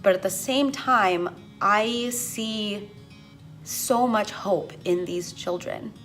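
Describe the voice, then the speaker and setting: A woman's voice: medium pitch, fairly bright tone, faint music behind. A young woman teacher talking earnestly and with strong feeling in a personal vlog, close to tears at times. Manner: earnest, impassioned, slow-spoken. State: emotional, near tears. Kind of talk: reflective vlog talk.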